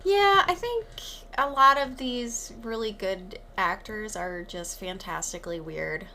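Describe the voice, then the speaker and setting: Woman co-host, chatty, thinks out loud, bright animated voice. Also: medium pitch, a little slow, a little hiss or hum. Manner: conversational, thinks aloud with many likes. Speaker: podcast co-host. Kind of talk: casual chat about a film.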